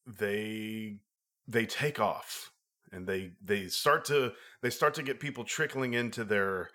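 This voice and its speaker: Low-voiced man with a bright edge. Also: slow. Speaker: podcast co-host. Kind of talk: casual film review chat.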